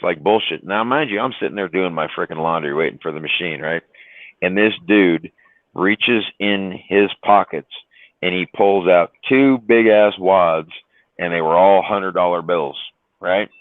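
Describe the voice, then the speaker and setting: A man with a low-sitting voice and a moderate pace tells casual trucking stories on a livestream chat, recorded dry through a tinny, phone-like line. He rambles and swears, with frequent "you know" and "right?".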